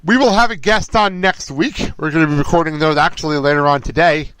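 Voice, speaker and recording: A man hosting a casual movie podcast, excitable and often laughing, sometimes losing his train of thought. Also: a little high, brisk, clean tone, rough recording. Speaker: podcast host.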